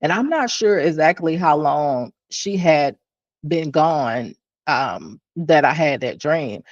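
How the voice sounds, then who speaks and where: A woman's voice: low voice, no echo, highs cut off. A woman hosting a podcast, telling a personal story in a candid, conversational way with restarts and asides to her listeners. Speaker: podcast host.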